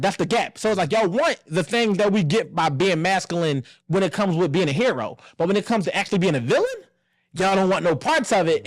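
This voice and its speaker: A man in his thirties hosting a casual podcast discussion, animated and blunt, acting out family voices and swearing freely. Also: sits high, dry recording, clean studio sound. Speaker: podcast host.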